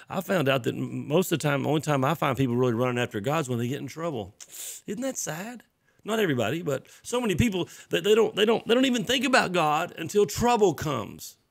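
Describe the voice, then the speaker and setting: A pastor delivers a sermon in a conversational but emphatic style, looping back over his own phrases to hammer each point home. His voice is slightly high for a man, with a gravelly, fry-edged texture, and he sounds animated and a little fast.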